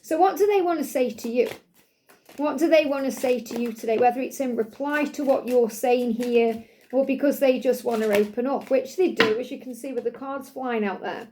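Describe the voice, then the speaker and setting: High-voiced woman giving a card reading. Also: moderate pace, darkish tone, a little hiss or hum. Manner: soothing, earnest, speaks for the listener in quotes. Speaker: tarot reader and channel host. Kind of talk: spiritual card reading monologue.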